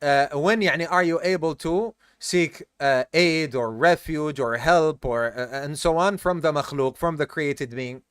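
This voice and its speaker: A man with a fairly high, fairly bright voice speaks at normal speed with hardly any pauses, his tone clear and resonant in echo-free studio audio. Tired, he teaches an Islamic study course live, explaining step by step, quizzing students and mixing in Arabic terms.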